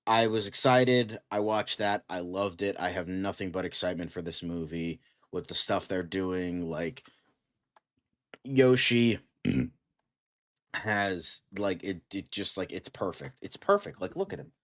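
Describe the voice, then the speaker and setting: A man co-hosting a casual online talk show, excitable, with lots of fillers. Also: low voice, a little slow. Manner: animated, excitable, many fillers like "like". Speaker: co-host. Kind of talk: casual chat.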